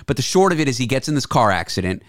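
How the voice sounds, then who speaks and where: A man's voice: mid-range voice, sing-song, very fast, no echo, clean studio sound. A male radio host in casual chat, teasing his guest with wry jokes.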